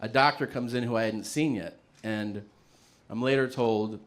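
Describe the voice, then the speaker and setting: Brief: male comic, mid-pitched, lively, swearing storyteller. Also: moderate pace. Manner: animated, profane, laughing through the story. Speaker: stand-up comedian. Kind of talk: stand-up storytelling.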